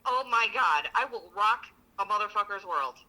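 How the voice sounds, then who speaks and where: Bright, blunt, profane woman storyteller. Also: mid-range voice, lively intonation, normal speed, rough recording. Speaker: podcast co-host. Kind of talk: casual chat.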